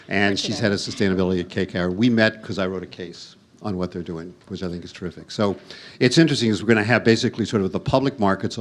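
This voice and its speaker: A man moderating a panel at a university forum in front of an audience, introducing speakers in a loose, teasing, chatty way. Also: lowish voice. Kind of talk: joking conversational panel introduction. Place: university event room with audience.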